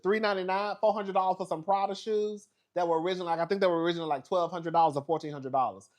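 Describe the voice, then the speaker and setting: On the high side and a fast talker, this man barely pauses. He hosts a casual reality show gossip recap, swearing freely, adding dramatic asides and laughing often through his sassy storytelling.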